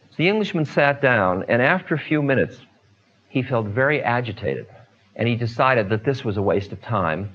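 A man with a lowish voice tells spiritual stories to his listeners at an unhurried pace, pausing and filling gaps with ums. The recording is dull and lo-fi. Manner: unhurried, many pauses and fillers. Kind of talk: storytelling talk.

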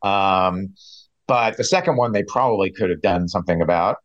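A middle-aged man, a veteran reporter, explaining events in a measured way with frequent restarts. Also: low-pitched, no room sound, dull audio. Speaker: veteran White House reporter. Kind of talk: conversational interview answers.

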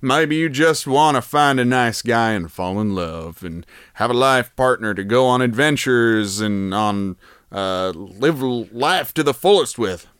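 A man's voice: mid-range voice, lively intonation, unhurried, fairly bright tone, smooth, no room sound, studio quality. Guy faking a sincere texan dude with a big drawl, reading his dating ad. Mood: earnest. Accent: Texan, put on. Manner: exaggerated drawl, reading aloud. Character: earnest Texan man in a personal ad.

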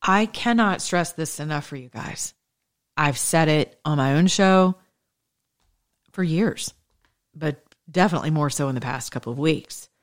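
A woman's voice: deep voice, lively intonation, measured pace. A woman hosting her own show, delivering a passionate, preachy monologue of religious political commentary. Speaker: show host.

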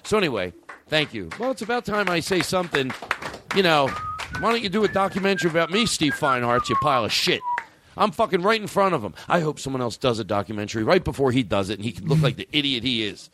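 Loud boastful comedian with a lively voice. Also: male voice, fairly high pitch, fast, noisy background. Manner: boastful, rambling, swears often, bursts into sing-song scatting. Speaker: podcast host, comedian. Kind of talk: crude comedic podcast banter.

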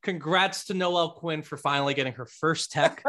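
A man's voice: fairly high pitch, moderate pace, bright, forceful tone. A man co-hosting a sports podcast, telling stories playfully and laughing often. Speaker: podcast co-host. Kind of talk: casual sports chat.

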